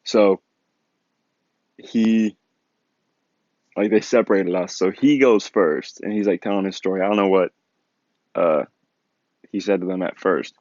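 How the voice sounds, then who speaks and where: A young man with a low voice tells a story in a loose, animated storytime way, packing his speech with "like". The sound is dry and a bit dull, like a lo-fi home recording. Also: measured pace, long pauses, no room sound. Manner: animated, filler-heavy, lots of "like". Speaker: vlogger telling a personal story. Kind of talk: casual storytime.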